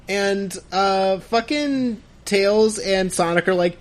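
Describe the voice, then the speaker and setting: A man's voice: high-pitched, slow, hardly any pauses. Sarcastic male podcast co-host. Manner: sarcastic and jokey, swears freely, acts out characters' lines. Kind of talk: casual chat recapping a cartoon.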